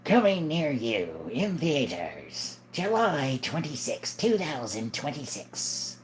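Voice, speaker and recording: A woman jokes on a livestream by announcing things in a mock movie-trailer voice. Her voice is extremely low and she talks slowly. Her pitch swings widely, with a faint hum behind her. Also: very animated. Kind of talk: casual joking on a livestream.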